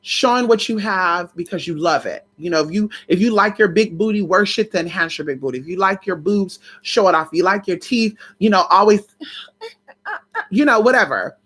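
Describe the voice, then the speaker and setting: A woman's voice: mid-range voice, lively intonation, brisk, fairly bright tone, husky. A woman vlogger chatting casually to her viewers, telling a story in colloquial, swear-laced speech.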